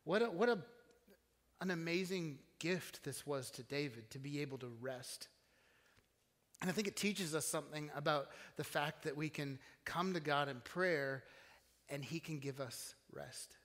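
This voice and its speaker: Pastor, male, somewhat high voice; earnest conversational sermon in a church with long reverb. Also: measured pace, fairly bright tone. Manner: conversational, earnest, with frequent restarts. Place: church sanctuary.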